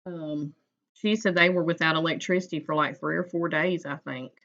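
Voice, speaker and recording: Lady rambling on her livestream, kinda low but bright voice, folksy and chatty. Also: steady tone, normal speed, highs cut off. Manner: chatty, folksy, greets viewers by name. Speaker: livestream host. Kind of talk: casual chat with live viewers.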